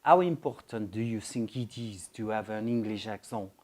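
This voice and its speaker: A man voicing an adult male language learner who speaks halting English with a French accent. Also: lowish voice, a little mellow, close to an everyday voice. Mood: earnest.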